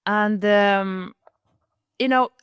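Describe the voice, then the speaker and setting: A woman hosting a podcast, speaking thoughtfully and haltingly, with an occasional soft laugh. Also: medium pitch, clean tone, no room sound, studio quality. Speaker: podcast host. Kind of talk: reflective conversation.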